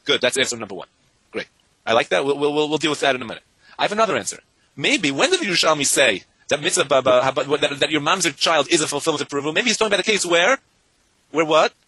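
A man teaching a Talmud class to students, animated and talking in rapid bursts, chanting the Hebrew and Aramaic texts in a sing-song lilt. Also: a little high, husky, dry recording, poor audio.

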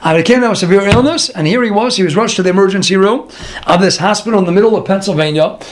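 A man telling a religious story in an animated, dramatic way, sprinkling in Hebrew and Yiddish words. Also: high-pitched, quick pace. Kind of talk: storytelling sermon.

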